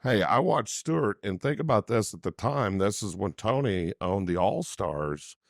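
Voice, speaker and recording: A male co-host with a lowish voice, close and dry on the mic. He spins folksy anecdotes, playing out each side of the conversation as he goes. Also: expressive, moderate pace, creaky, dry recording. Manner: folksy anecdote teller who acts out dialogue. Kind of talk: casual talk show chat.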